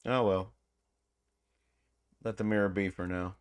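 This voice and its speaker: A man's voice: sits low, steady tone, unhurried, clear, resonant tone. A man streaming a video game, chatting casually, joking and reading lines aloud. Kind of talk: casual playthrough commentary.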